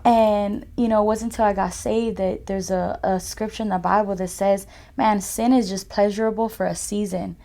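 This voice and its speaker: A woman's voice: mid-range voice, fairly even intonation, moderate pace, vocal fry, dark tone. A young woman giving a personal testimony as a podcast guest, talking casually with frequent "like" and "you know" fillers. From California.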